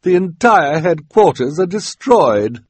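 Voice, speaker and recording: A man's voice: fairly high pitch, very animated, slow, husky, no room sound, pitched above the performer's own voice, full character voice. A man voicing a haughty, sneering villainous woman with a mocking, nasty tone.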